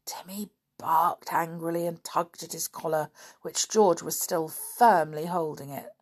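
A woman narrates a children's story in a gentle, unhurried way. Her voice sits on the low side and moves slowly. She signs off warmly as the podcast's host. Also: fairly even intonation, husky.

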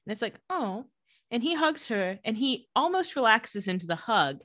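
A very animated woman with a higher voice and a fairly bright tone talks fairly quickly as she recaps a TV episode on her podcast. She acts out characters in playful voices during the casual chat, and there's no room sound.

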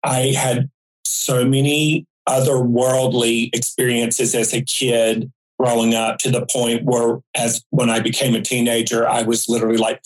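A man, chatting as a guest and telling homespun anecdotes in a relaxed, vivid way. His voice sits at an ordinary middle pitch for a man. His delivery is plainspoken and easy. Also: a little slow, low-quality recording. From rural North Carolina. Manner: folksy, vivid anecdotal storyteller. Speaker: guest psychic. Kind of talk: casual storytelling.

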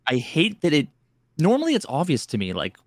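Animated man ranting on a podcast. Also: on the high side, fairly quick, no room sound, clean studio sound. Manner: animated, exasperated storytelling, swearing. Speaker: podcast co-host. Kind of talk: casual chat.

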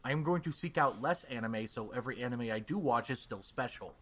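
Animated, jokey young man on a podcast. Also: mid-range voice, brisk. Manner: jokey, blunt, swears freely. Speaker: podcast co-host. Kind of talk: casual podcast chat.

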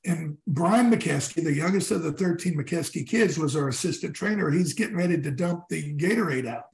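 A man in his sixties, a former football player telling stories in a casual interview, animated, swearing and acting out his teammates' lines. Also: a little high, moderate pace, gravelly, hardly any pauses, reverberant, poor audio. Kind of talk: storytelling in casual conversation.

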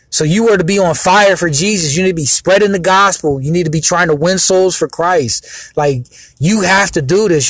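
A man's voice: a little high, dry recording. A young man giving an earnest, rambling casual sermon about faith, full of fillers. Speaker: Christian speaker. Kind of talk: casual preaching monologue.

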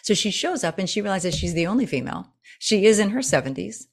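A woman coach talking in a casual interview, telling stories with lively swings in her voice. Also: fast talker. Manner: animated storyteller, acts out quotes with big pitch jumps. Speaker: presentation coach, guest.

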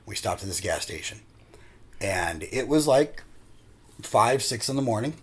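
A man hosting a casual podcast, telling stories in an animated way and swearing freely. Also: lowish voice, unhurried, husky. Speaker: podcast host.

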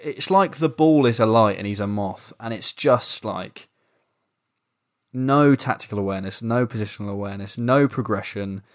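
A man's voice: fairly low pitch, normal speed. A man co-hosting a football podcast, ranting in casual, sweary chat. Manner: animated, swearing, ranting, restarts. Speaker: podcast co-host.

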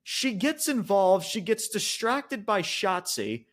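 A man's voice: high-pitched, animated, takes it slowly. A man co-hosting a wrestling podcast, ranting in casual, profane chat, with lots of "like" and restarts. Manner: frequent fillers and restarts like "like".

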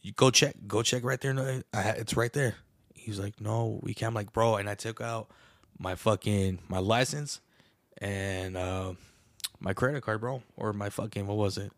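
A young man casually telling a long story on a podcast, animated and profane, calling everyone bro. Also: lowish voice, normal speed, dry recording, clean studio sound. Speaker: podcast co-host.

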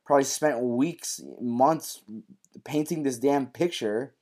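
Animated swearing man recapping TV. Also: medium pitch, slow. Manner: animated, swears freely, acts out quotes loudly. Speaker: podcast co-host. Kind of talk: casual TV recap chat.

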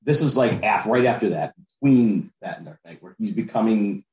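A man's voice: on the low side, animated, a little fast, few pauses, darkish tone. A man co-hosting a casual podcast chat, laid-back and rambling. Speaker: podcast co-host. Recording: roomy echo.

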